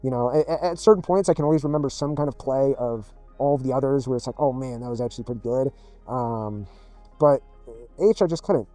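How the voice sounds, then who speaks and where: A man's voice: medium pitch, fairly quick, warm tone, soft background music. A man telling a rambling personal story in blunt, profane, casual speech as a gaming video creator.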